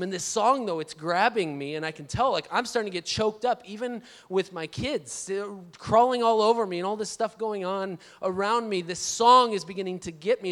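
A man, a pastor telling a story in a conversational, animated sermon and asking for amens. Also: high voice, in a large hall. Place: large church auditorium.

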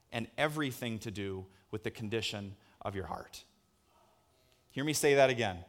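A male pastor preaching a sermon, telling a lively personal story and acting out the voices in it. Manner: animated storyteller, acts out voices with big pitch jumps. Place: church hall with a screen.

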